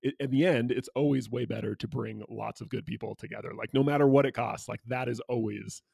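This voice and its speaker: A man's voice: medium pitch, fairly even intonation, brisk, vocal fry, darkish tone, husky, no echo. A man co-hosting a podcast, chatting casually about a picture book, laughing often and using many fillers. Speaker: podcast co-host.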